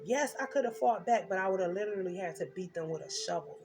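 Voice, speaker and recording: Gravelly-voiced woman giving a tarot reading. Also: medium pitch, animated, fast, music in the background. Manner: intense, emphatic storytelling with blunt slang. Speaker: tarot reader.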